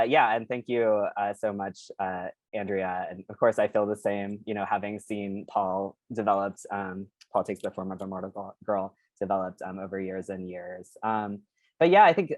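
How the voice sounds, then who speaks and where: An author reading their novel aloud at a bookstore event, then talking about writing it in a halting way with many fillers. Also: male voice, fairly low pitch, no echo, lo-fi sound.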